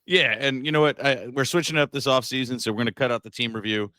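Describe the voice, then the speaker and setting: A man's voice: mid-range voice, quick pace, pushed and bright, dry recording, clean studio sound. A man co-hosting a sports podcast in loose, joking casual chat with plenty of fillers. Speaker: podcast co-host.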